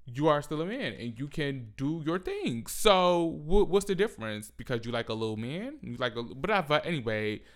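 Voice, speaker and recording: A man hosting a casual solo podcast, talking loudly and animatedly with frequent swearing and mocking asides. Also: on the high side, big pitch swings, moderate pace, hardly any pauses. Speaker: podcast host.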